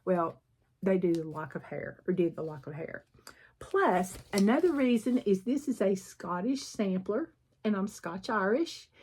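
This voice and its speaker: A middle-aged woman with a Southern accent chatting casually as she shows her cross stitch projects, rambling a little and often clearing her throat. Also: medium pitch, expressive, a little slow, darkish tone. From southern United States. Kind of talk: casual chat showing needlework projects.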